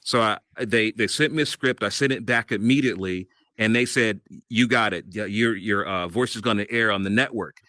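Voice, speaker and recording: A middle-aged man sits as a guest and tells how he built a career in radio and voiceover. His voice is bright and forward, and he stays animated, laughing through the story. The sound is close and dry. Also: fairly low pitch, moderate pace, few pauses, no echo. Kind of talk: casual interview storytelling.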